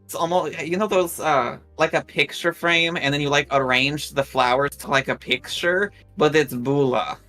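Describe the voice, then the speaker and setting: Bright rambling tabletop player. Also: mid-range voice, moderate pace, few pauses, faint music behind. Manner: rambling, searching for words. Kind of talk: playing a tabletop game.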